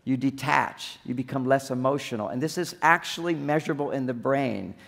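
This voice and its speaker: A man with a mid-range, gravelly, slightly bright voice speaks briskly, giving a humorous seminar talk on relationships. He jokes and acts out little scenes as he goes, and the recording carries a long hall reverb.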